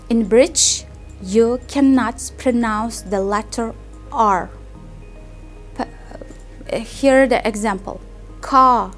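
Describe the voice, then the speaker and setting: A young woman whose first language is Uzbek, giving a classroom presentation in a careful, deliberate way and repeating her example words. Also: fairly high pitch, darkish tone. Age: young adult. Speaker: student presenter.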